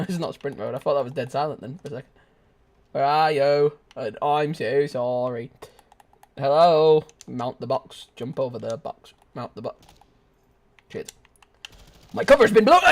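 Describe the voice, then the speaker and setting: A young man giving lively, joking live commentary as he streams a shooter game and chats with his viewers. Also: a little high. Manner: excitable, shouts and laughs at the game; joking banter with chat. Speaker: gaming streamer.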